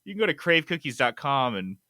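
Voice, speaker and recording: A man hosting a casual gaming podcast, reading news with animated, loud bursts of enthusiasm. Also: mid-range voice, brisk, no echo, clean studio sound. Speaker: podcast host. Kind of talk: casual chat.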